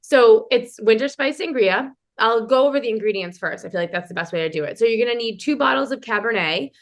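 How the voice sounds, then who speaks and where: A woman's voice: on the high side, animated, fast. Giggly chatty woman podcast co-host. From New England. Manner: giggly, chatty, rambling asides. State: sick. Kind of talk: casual chat.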